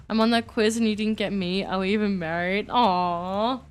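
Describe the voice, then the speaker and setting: A woman streamer in casual live-stream chat, excitable, loud and gushing. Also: mid-range voice, normal speed, few pauses, smooth.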